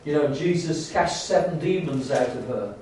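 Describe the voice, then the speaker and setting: A man preaching a sermon in a church, halting with many restarts and rising to fervent emphasis. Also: on the high side, animated, darkish tone, slight background noise. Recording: echoey church hall, distant mic.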